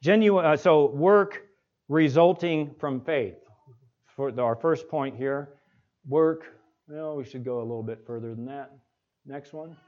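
A male pastor preaching an expository sermon, asking the congregation rhetorical questions and slowing down to stress key words. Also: on the high side, darkish tone. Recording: dull lo-fi recording.

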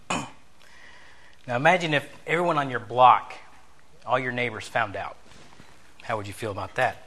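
A man's voice: medium pitch, sharp tone, slight background noise. A man giving a conversational sermon lesson, telling a story, acting out bits of dialogue and asking his listeners questions.

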